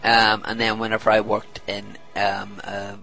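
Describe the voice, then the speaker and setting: A man's voice: lowish voice, completely flat delivery, unhurried, gravelly, pushed and bright, faint music behind, low-quality recording. A man, chatting casually as a podcast co-host, rambling and joking. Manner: rambling, jokey, slips into silly put-on voices. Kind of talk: casual chat.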